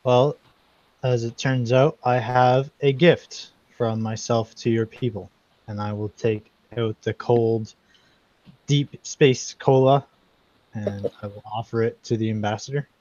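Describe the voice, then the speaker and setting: A man's voice: mid-range voice, steady tone, measured pace, darkish tone, dry recording, muffled recording. A man playing a human character in a tabletop role-playing game, casual and playful. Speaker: player.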